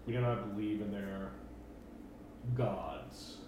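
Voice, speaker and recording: A man playing a tabletop game in character, speaking calmly and tersely in a matter-of-fact way. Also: on the low side, takes it slowly, highs cut off. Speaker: player. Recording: echoey room with background noise.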